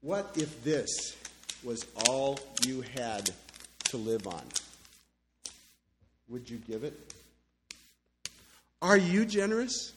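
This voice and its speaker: A man preaching, asking the congregation slow, deliberate questions. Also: mid-range voice, very animated, noisy background. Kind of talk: sermon. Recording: church sanctuary with long reverb.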